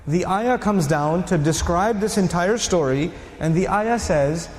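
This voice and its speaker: A man giving a storytelling religious lecture to a live audience, animated and firing rhetorical questions at the listeners. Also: sits high, measured pace, few pauses, roomy sound, in a large hall. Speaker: Islamic lecturer.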